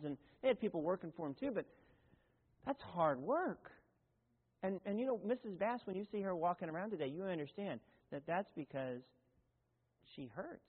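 A man's voice: high voice, lively intonation, fairly quick, slightly rough. A man preaching a sermon as pastor, in a folksy, conversational way with asides and self-corrections. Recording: tinny, phone-like sound in a long-echoing hall.

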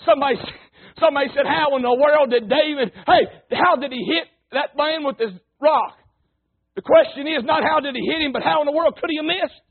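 A man's voice: extremely high pitch, a little fast. A man preaching a folksy, emphatic sermon and calling on the congregation. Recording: tinny phone-like sound.

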